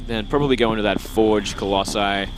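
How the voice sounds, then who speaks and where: A man's voice: on the low side, steady tone, fast talker, a little hiss or hum. A man from Australia with a mild Australian accent, giving easygoing color commentary on a live esports match. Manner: easygoing, playful banter. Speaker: esports co-caster.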